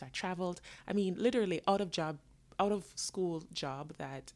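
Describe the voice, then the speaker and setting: A woman in her twenties telling her own story to her viewers, dramatic and animated, laughing often and acting out the people in it. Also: low voice. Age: 20s. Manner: voices herself and others in quick asides. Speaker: vlogger. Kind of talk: storytelling to camera.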